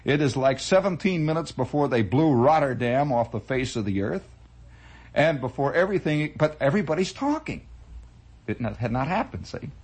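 A man's voice: medium pitch, sing-song, normal speed, a little mellow, slightly rough. A man telling a rambling story as a spoken monologue, with chuckling asides.

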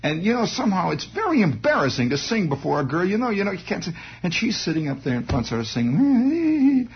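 Male storyteller with a fairly high voice and a dull, lo-fi sound, rambling through a childhood tale. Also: wildly swooping pitch, brisk. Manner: rambling, digressive, wry asides. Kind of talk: comic storytelling monologue. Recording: dull lo-fi recording.

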